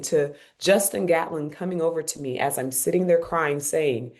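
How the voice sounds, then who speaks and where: A woman in her forties speaks in a notably low voice. She is a podcast guest who tells her story with lively emphasis. She repeats phrases to drive her points home. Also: moderate pace, few pauses. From Cincinnati, United States. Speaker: guest, former Olympic runner.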